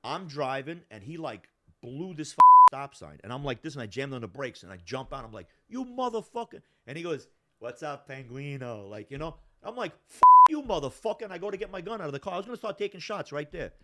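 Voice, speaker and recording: A man telling a story in casual talk, profane and animated, acting out the voices of the people in it. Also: medium pitch, fast, hardly any pauses, a little hiss or hum. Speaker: storyteller guest.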